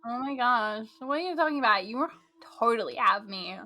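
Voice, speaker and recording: Bright valley girl streamer lady chatting, kinda high, faint music behind. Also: animated, normal speed, slight background noise. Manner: valley girl drawl, lots of "like". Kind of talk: casual gaming chat.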